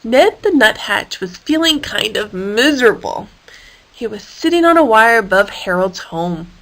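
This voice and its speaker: A woman reading a children's story aloud with a playful, expressive manner. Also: on the high side, unhurried, poor audio. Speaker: storybook reader.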